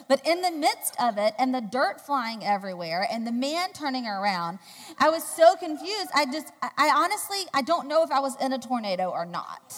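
A woman giving a sermon, telling a personal story in a chatty, animated way with loud, high quoted outbursts. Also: moderate pace. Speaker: church speaker. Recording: long hall reverb.

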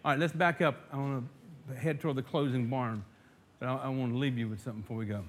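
A man preaching a sermon to his congregation. He swells loud and emphatic when reading scripture and drops to soft asides, often restarting and repeating words. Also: medium pitch, fairly even intonation, fast. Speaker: pastor.

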